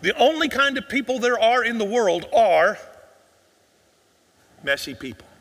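A man's voice: very high-pitched, sing-song, measured pace, fairly bright tone, in a large hall. A male pastor preaching a sermon, asking the congregation rhetorical questions and sometimes dropping almost to a whisper for emphasis.

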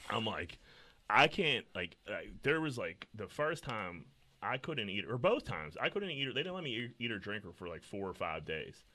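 A man talks casually and profanely on a podcast. His voice sits low but has a bright, forceful edge. He rambles, restarts and acts out the people in his stories. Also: sing-song, normal speed. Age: 30s.

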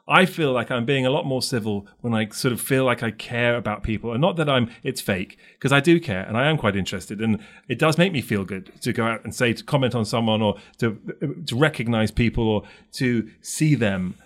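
A man's voice: medium pitch, a little fast, hardly any pauses. A middle-aged man from London with a London accent, chatting casually and acting out the voices of people in his stories. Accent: London English. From London, England. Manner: animated storytelling, acts out quoted voices. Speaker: co-host. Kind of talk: casual chat.

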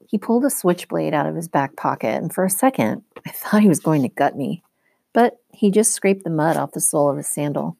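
A woman teacher reading a novel aloud in a steady, clear storytelling manner. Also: sits low, fairly quick, no room sound.

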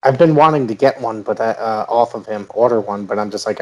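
A man hosting a wrestling podcast, talking in a relaxed and agreeable way with frequent fillers. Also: lowish voice, brisk, muffled recording. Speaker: podcast host. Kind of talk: casual podcast chat.

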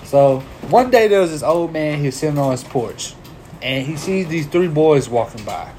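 A man's voice: on the high side, lively intonation, normal speed, darkish tone, slight background noise. A man hosting a casual podcast, teasing his co-hosts and telling jokes in a loose, profane way. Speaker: podcast host.

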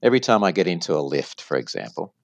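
A man with a low voice and a gravelly edge, speaking with a non-American accent. He explains his business patiently as an interview guest, often acting out little conversations to make his point. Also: very animated, quick pace, dry recording. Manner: explanatory, storytelling with examples. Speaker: franchise executive guest.

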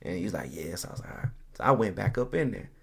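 A man hosting a podcast, telling a long story in a relaxed, animated way, acting out the people he quotes and laughing often. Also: sits low, rapid-fire, creaky, husky. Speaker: podcast host. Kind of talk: casual storytelling.

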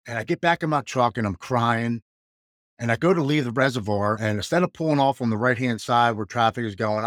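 A man's voice: medium pitch, no echo, clean studio sound. A man in his forties, a guest who earnestly recounts his past and often stumbles over and repeats his words. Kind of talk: candid personal storytelling.

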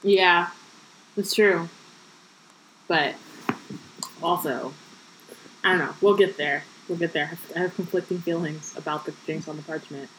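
A woman's voice: fairly low pitch, steady tone, unhurried, long pauses, a bit bright, slight background noise, rough recording. A young adult woman co-hosting a podcast, reading book passages aloud and breaking off into casual, joking asides. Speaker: podcast co-host.

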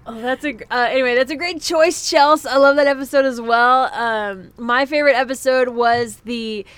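A woman's voice: high-pitched, moderate pace, fairly bright tone, clean tone, no room sound. Enthusiastic woman podcast host. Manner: enthusiastic, quotes scenes in voices. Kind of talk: casual chat.

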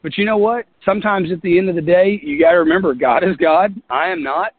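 A man's voice: sits high, fast, slightly rough. A man giving a motivational team talk as a business leader, folksy, earnest and repetitive. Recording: tinny phone-like line.

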